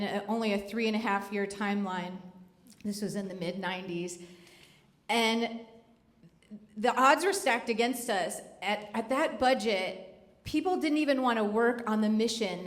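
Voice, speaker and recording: A middle-aged woman telling a true story on stage to a live audience, in a wry, conversational, joking way. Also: mid-range voice. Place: live venue before an audience. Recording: echoey live hall.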